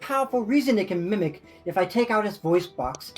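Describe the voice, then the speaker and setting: Woman voicing a greedy male schemer for a tabletop game, calm and calculating, at mid pitch. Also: fairly quick, music in the background, lightly acted. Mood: scheming. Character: greedy scheming male adventurer, eager to sell parts. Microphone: video call.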